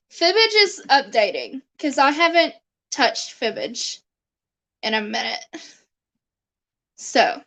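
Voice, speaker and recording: A woman's voice: sits high, a bit bright, low-quality recording. A young woman streaming live, chatting casually with her viewers and her dog and laughing often.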